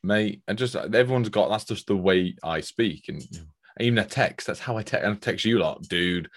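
A man's voice: lowish voice, normal speed. A man co-hosting a podcast, chatting in a laid-back, teasing way. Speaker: podcast co-host. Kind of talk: casual podcast chat.

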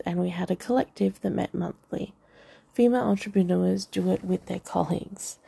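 Woman, audiobook narration, wry dry humour, strong vocal fry, dark mellow tone. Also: on the low side. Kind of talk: first-person novel narration.

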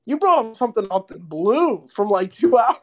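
A young man with a high, light voice tells a story in casual chat. He is animated, laughs often and leans on filler words as he talks. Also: normal speed, no room sound.

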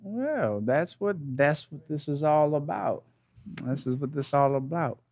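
A man's voice: a little high, lively intonation, measured pace, darkish tone, no room sound. A man who is a podcast guest and fitness trainer, talking in a laid-back, joking, slangy way in casual chat. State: has been drinking a beer.

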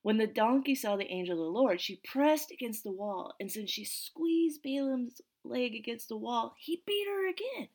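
A woman teaching a casual Bible study, reading verses and then chatting about them in an animated way that is full of asides. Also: a little high, moderate pace, hardly any pauses.

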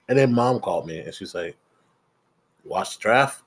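A man's voice: fairly low pitch, expressive, moderate pace, slightly rough. A young man chatting casually on a podcast, telling a story animatedly, acting out quotes and swearing freely. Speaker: podcast co-host. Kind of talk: casual chat.

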